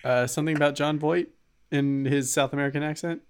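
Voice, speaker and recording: A man's voice: fairly high pitch, steady tone, a little fast, clear, resonant tone. A man co-hosting a podcast in casual chat, laid-back, laughing often and using many fillers. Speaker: podcast co-host.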